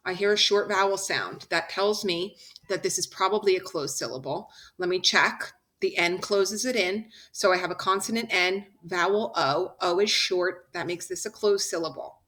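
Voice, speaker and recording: A woman giving a phonics lesson in a bright, clear voice. She talks slowly and patiently and draws out each example sound. She often pauses to check that her students follow. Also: lowish voice. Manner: patient, slow and deliberate, drawing out example sounds. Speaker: teacher.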